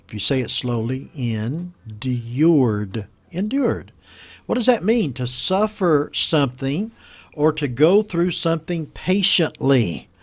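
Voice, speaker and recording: A man's voice: fairly high pitch, big pitch swings, no room sound. Patient man teaching English words. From United States. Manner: slow, patient explanation with repeated model words. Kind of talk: teaching vocabulary from a news story.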